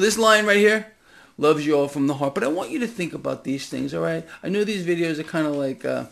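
Gravelly, impassioned man ranting. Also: fairly high pitch. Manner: impassioned, swinging from loud outbursts to hushed asides. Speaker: financial commentary vlogger. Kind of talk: direct-to-camera ranting monologue.

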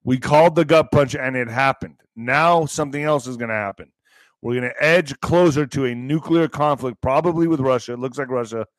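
The recording is dry as a male live-commentary host rambles on in an excitable manner, at times breaking out in shouts. He speaks a little fast in a mid-range voice.

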